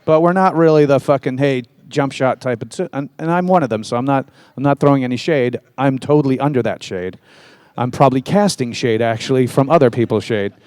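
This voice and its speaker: A man answering questions at a convention panel, joking and swearing in a loose, animated rant. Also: mid-range voice, brisk, no echo. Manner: profane, animated, jokey. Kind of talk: casual fan Q&A, rambling rant.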